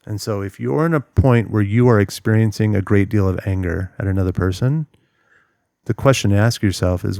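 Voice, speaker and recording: Here a man with a lowish, creaky, dark voice talks fairly quickly as a relationship coach addressing the viewer directly. Earnest, he walks through his advice and voices someone's inner monologue, in studio-quality audio with no echo.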